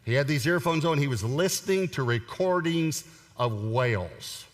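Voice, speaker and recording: A man's voice: fairly high pitch, expressive, normal speed. A man preaching a sermon in a conversational, humorous way, driving points home by repeating them. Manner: conversational, humorous, emphatic repetition. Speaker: pastor. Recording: long hall reverb.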